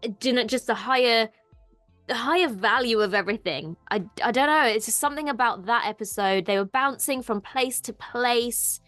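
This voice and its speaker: A woman with an Irish accent and a fairly high, fairly bright voice co-hosts a casual TV discussion, chatty and enthusiastic. There's no echo in the recording.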